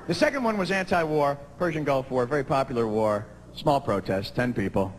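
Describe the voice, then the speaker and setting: A man, doing a stand-up comedy routine and rising to shouted punchlines. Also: medium pitch, animated, a little fast, a little hiss or hum. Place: large theater stage before a live audience. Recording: long hall reverb, audible audience.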